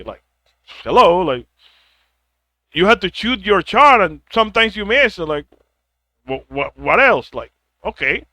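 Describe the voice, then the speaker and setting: A man's voice: high voice, sing-song, a little slow, pauses often, bright, forceful tone, no echo. A man ranting bluntly with a lot of profanity, stumbling over repeated words as he gives harsh life advice. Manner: mocks others in put-on whiny quotes. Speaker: vlogger giving advice. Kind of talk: ranting monologue.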